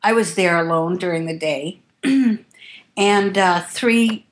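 A woman with a slightly low voice recounts her years as a tattoo artist for an interviewer. She talks candidly and drifts from one memory to the next, with the odd curse dropped in. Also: slow. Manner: candid, rambling, casual swearing. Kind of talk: interview storytelling.

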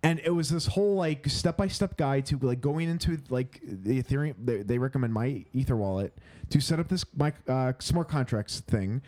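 A man's voice: mid-range voice, normal speed, few pauses, darkish tone. A man co-hosting a podcast, talking casually and rambling with lots of fillers and restarts. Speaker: podcast co-host. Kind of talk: casual chat.

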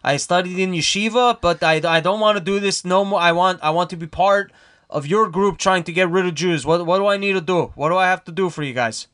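A man's voice: sits high, brisk, a bit bright. A man putting on a whiny, stammering Brooklyn Jewish man, with his own voice showing through. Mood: pleading. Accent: Brooklyn Jewish, half his own voice. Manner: stammering, kvetching.

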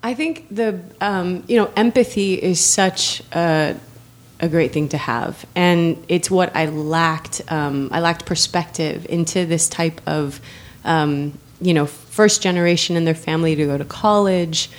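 Soft-spoken woman mentor, chatty storyteller. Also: fairly low pitch, a little slow. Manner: warm storyteller, laughs often, many fillers. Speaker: guest, mentor with a girls' mentoring program. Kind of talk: casual interview conversation.

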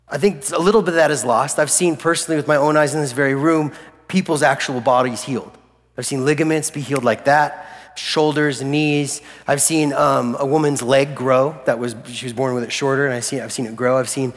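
A man preaching a sermon in a church hall, animated and jokey, acting out the people in his story. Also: medium pitch. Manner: animated, jokey, acts out voices of characters. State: recovering from flu. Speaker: pastor. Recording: long hall reverb.

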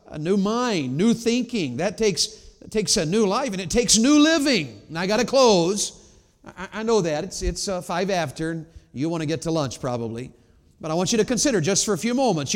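A man preaching a sermon in a church, swinging between loud emphatic peaks and low quiet asides. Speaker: pastor. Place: church sanctuary. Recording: long reverb of a large church hall.

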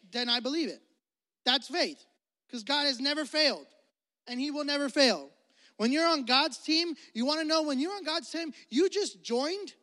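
A male pastor preaching a sermon in an energetic, slangy, joking way. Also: very high-pitched. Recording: long hall reverb.

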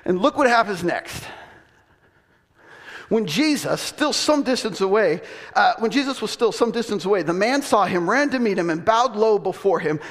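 A male pastor telling a story in a sermon, acting out voices with laughter and animated delivery. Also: sits high, moderate pace. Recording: long hall reverb.

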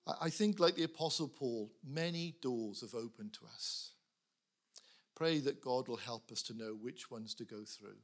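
A man preaching earnestly to a church congregation, animated, with laughs and quick asides. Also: medium pitch. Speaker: pastor appealing for prayer. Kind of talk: sermon.

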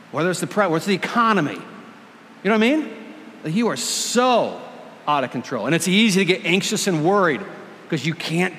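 A pastor preaching a sermon, earnest and emphatic, drawing out key words slowly for effect. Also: male voice, sits high, fairly bright tone, long reverb tail, slight background noise. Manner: earnest and emphatic, with dramatic slowdowns. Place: church.

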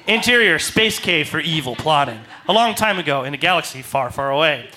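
Bright lively man narrating a comedy sketch, faint noise. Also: fairly high pitch, a little fast, poor audio. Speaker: narrator reading stage directions.

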